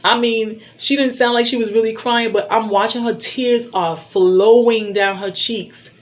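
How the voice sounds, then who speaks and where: A woman's voice: fairly high pitch, steady tone, a little slow. A middle-aged woman giving blunt life advice to a phone camera, emphatic and preachy, repeating her key points. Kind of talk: candid advice monologue.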